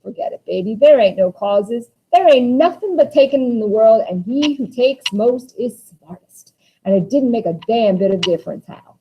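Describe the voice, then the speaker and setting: A woman reading Walter, a bitter young man who rails against how the world is divided. The impassioned voice sits high and runs hot with resentment. It comes through a dull, lo-fi recording. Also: animated, normal speed, husky. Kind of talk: dramatic play reading.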